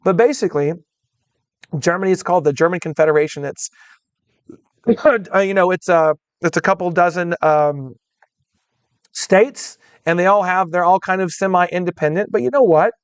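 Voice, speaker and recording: A man's voice: sits high, moderate pace, clear, resonant tone, no room sound. A man teaching a history lecture in a conversational way, calling his students "guys" and checking in with "all right?" as he goes. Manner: acts out voices of historical groups in quotes. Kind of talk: recorded classroom lecture.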